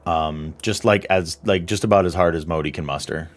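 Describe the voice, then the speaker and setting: Deep-voiced man running a tabletop game. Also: moderate pace. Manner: loose, swearing, many fillers. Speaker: game master.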